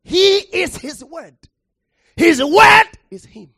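A preacher giving a sermon, shouting key phrases, then dropping to near quiet and calling on listeners to respond. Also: very high voice, lively intonation, takes it slowly, no room sound, clean studio sound. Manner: impassioned, shouting for emphasis with sudden drops to quiet; calls for audience response.

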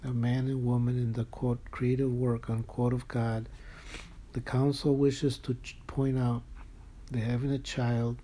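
Here a man's deep, mellow voice recites a church text a little slowly, bracketing passages with "quote" and "unquote" and reading out each citation completely. He stays level and even while sounding earnest and moved by the words. The reading, with asides, carries a faint background hiss.

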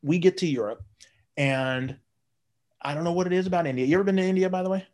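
A man's voice: sits high, fast talker, darkish tone. A man casually telling a long, profane story, jumping into raised voices when he quotes his friends. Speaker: guest storyteller.

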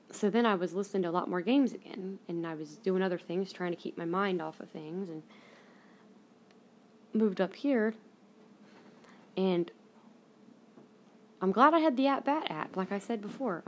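Soft, lower-pitched young woman storyteller. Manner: rambling, frequent fillers and restarts. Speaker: podcast host. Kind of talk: casual personal storytelling.

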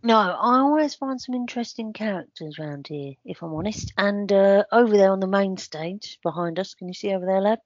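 A man's voice: high voice, fairly quick, hardly any pauses, no echo. A man voicing an eccentric, rambling older man who calls everyone "lad", in an improvised comedy podcast. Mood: deadpan. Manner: rambling, odd non sequiturs. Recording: dry, dull lo-fi recording.

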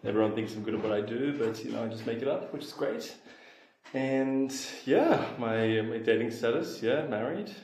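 A man's voice: mid-range voice, animated, moderate pace, a little mellow. Australian man, dry jokey chat, roomy echo, faint background noise. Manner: dry, joking, self-deprecating. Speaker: podcast guest. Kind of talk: casual chat.

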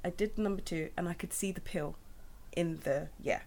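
A woman's voice: fairly low pitch, normal speed, gravelly, darkish tone. A young woman chatting candidly, rambling with many restarts. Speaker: guest sharing her birth story. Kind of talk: casual chat.

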